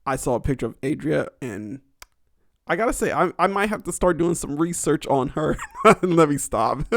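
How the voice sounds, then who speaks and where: A man's voice: on the high side, lively intonation, moderate pace, creaky. A young adult man hosting a podcast, rambling crudely through a casual monologue and laughing often. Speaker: podcast host.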